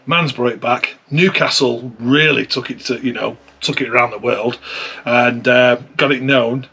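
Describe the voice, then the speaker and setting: Husky-voiced man reviewing beer. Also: mid-range voice, bright, forceful tone. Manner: chatty, thinking aloud while tasting. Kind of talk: casual tasting review.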